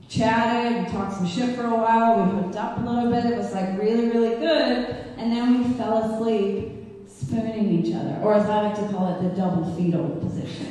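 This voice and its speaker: A woman's voice: on the high side, fairly even intonation, moderate pace, few pauses, warm tone, distant mic. A young woman performing a stand-up set, telling a crude story candidly and laughing often. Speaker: stand-up comedian. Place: comedy club stage. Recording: roomy reverb, mic heard from afar.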